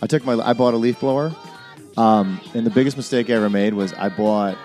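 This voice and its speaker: A man's voice: fairly low pitch, a little fast, a little mellow, soft background music. A man from the American Midwest co-hosting a podcast, rambling through self-deprecating stories in casual chat. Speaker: podcast co-host. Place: home studio.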